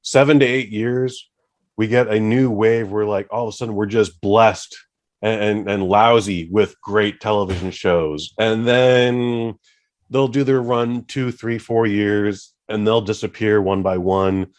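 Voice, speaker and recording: An American man hosting a casual podcast chat, animated and swearing freely. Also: on the low side, unhurried. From United States.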